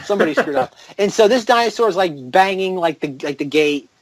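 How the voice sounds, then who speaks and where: A man's voice: sits high, expressive, fast, low-quality recording. A man co-hosting a film podcast, recapping scenes in a rambling, casual way with lots of fillers and mocking quoted lines. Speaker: podcast co-host. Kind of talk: casual chat.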